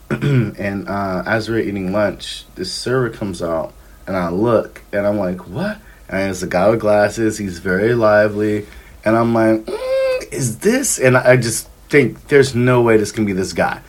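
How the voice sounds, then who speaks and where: A man's voice: fairly low pitch, fairly even intonation, unhurried. A man in his thirties, a podcast guest, telling travel stories in casual chat with lots of ums and likes. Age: 30s. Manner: rambling, filler-heavy, acts out dialogue.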